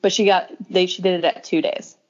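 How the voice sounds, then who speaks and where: Young woman, animated storyteller, fairly low voice, dull recording. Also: brisk. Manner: animated, acts out quoted lines with pitch jumps, laughs often. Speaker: podcast guest telling a birth story. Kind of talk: casual conversational storytelling. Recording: dull lo-fi audio.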